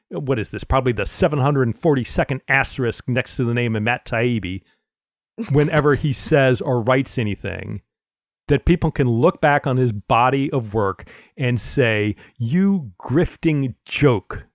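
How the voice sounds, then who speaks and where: A man co-hosting a political podcast, talking in a casual, animated and indignant way, swearing freely. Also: a little high, dry recording, clean studio sound. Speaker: podcast co-host.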